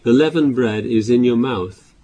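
A man preaching a sermon, reading scripture aloud louder and explaining it with halting restarts and repeated words. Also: mid-range voice.

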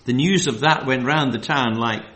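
A man preaching a Bible study sermon. He reads verses slowly and with emphasis, then drifts into loose, filler-heavy asides. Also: medium pitch, fairly bright tone.

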